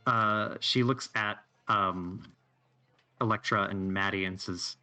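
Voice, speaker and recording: Male game master, low and unhurried, halting delivery, soft background music. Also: steady tone, highs cut off. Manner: slow, hesitant, with many fillers. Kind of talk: narrating a tabletop game.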